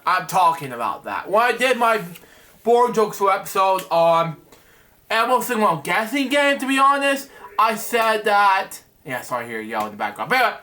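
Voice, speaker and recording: A man reads a children's book aloud for a bedtime story show. He keeps stopping for rambling commentary and stitches it back together with "anyway". His voice is high and bright. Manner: rambling asides, repeated "anyway". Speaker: host reading a children's book. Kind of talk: casual storybook reading with commentary.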